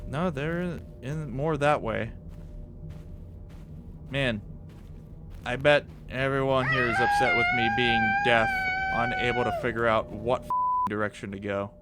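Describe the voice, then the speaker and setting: A man commentating as he plays a horror game, jumpy and animated, swearing under his breath at scares. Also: medium pitch, measured pace, long pauses, loud music behind the voice. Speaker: gaming YouTuber.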